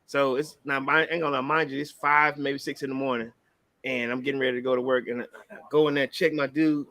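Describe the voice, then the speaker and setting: A man co-hosting a casual sports chat show, telling loose, animated personal stories. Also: medium pitch, fairly quick, no room sound. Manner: loose, storytelling, animated impressions of family. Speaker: podcast co-host.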